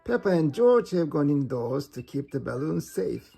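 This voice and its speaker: Man, storybook reader, gravelly, dark, gentle. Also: fairly high pitch, sing-song, normal speed, soft background music. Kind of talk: reading a storybook aloud.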